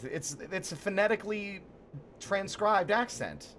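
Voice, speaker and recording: A man's voice: high-pitched, expressive, moderate pace, sharp tone, a little hiss or hum. A man streaming a driving game live, chatting casually with his viewers, joking and swearing freely. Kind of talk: casual live gameplay chat. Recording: game music behind the voice.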